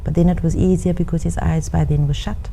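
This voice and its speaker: A middle-aged woman in an interview, recalling her experience in a reflective, measured way with some fillers. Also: deep voice, steady tone, gravelly, warm tone, slight background noise, low-quality recording. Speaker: interviewee and author. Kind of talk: interview testimony.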